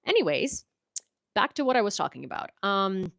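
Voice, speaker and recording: A woman's voice: medium pitch, sing-song, moderate pace, creaky, a bit bright. A woman from Ukraine with an American accent, hosting a casual political commentary livestream in a blunt, sarcastic, profane way. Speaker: livestream host.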